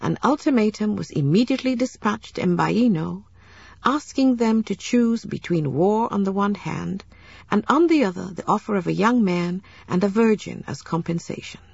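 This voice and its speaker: In a dry, dull lo-fi recording, a woman reads an audiobook novel with a measured, steady narrative delivery. Her voice is medium in pitch, creaky and husky.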